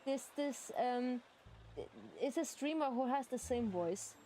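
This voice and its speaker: A German-speaking woman streams a game, reading lines aloud and giggling as she chats. Her voice is fairly high and she talks slowly. Soft game music plays behind her. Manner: reads game text aloud, giggly, restarts words. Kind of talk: live game playthrough commentary.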